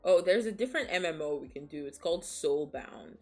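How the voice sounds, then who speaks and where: Giggly tipsy woman streamer, low voice. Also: animated, brisk, gravelly, soft background music. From Nigeria. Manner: laughs often, teasing, loose and playful. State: tipsy from beer. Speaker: streamer host. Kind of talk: casual chat.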